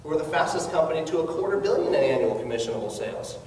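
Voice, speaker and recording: A man's voice: on the high side, animated, fast, darkish tone, a little hiss or hum. A man giving a motivational network marketing talk, earnest and coaxing, asking his audience questions. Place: large hall with an audience. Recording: echoey hall recorded from far off.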